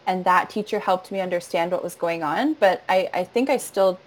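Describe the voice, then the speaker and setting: A woman's voice: lowish voice, moderate pace, low-quality recording. A woman who teaches voice and narrates audiobooks, talking earnestly in a casual interview and laughing easily. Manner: warm, earnest, laughs often, demonstrates voice registers.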